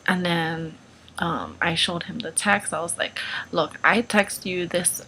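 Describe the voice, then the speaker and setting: A woman's voice: lowish voice, steady tone, slow pace, sharp tone, slight background noise, low-quality recording. A young woman vlogging casually, chatty and full of "like" and "um" while she tells a personal story. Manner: chatty, lots of "like" and "um". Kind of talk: casual advice vlog storytelling.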